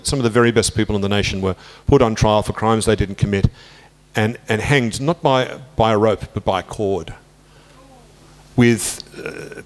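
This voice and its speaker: An Australian man in his sixties, an author interviewed about his book, talking through history in an animated way and jumping up in pitch when he quotes people. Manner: animated, lifts pitch sharply when quoting others. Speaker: author guest. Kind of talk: conversational interview, storytelling.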